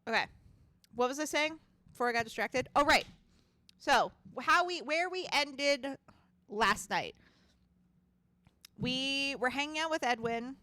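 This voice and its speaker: A woman's voice: sits high, expressive, unhurried, long pauses, sharp tone, dry recording. A woman streaming a game, chatting casually, swearing freely and laughing often. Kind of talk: casual gaming commentary.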